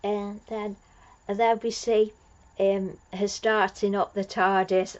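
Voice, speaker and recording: A woman talks through a fan review in an unhurried, rambling way, full of fillers and excited restarts. Her voice sits at an ordinary middle pitch for a woman. The recording is muffled and lo-fi. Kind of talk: casual episode recap.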